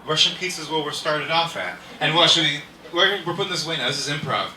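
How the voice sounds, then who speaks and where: A man runs a live improv set, ranting with a lively, sharply bright voice that swings up into shouted punchlines. He sounds slightly high for a man. The sound is roomy and distant, with a faint hiss behind it. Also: fast talker. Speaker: improv host. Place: comedy venue with audience. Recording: echoey room from far off, faint noise.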